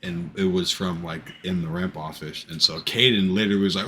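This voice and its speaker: A man's voice: sits low, fast, slight background noise. A young man in casual podcast chat, swearing and laughing, acting out what he said to coworkers. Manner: laughing, profane, acts out his own quotes loudly. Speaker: podcast co-host.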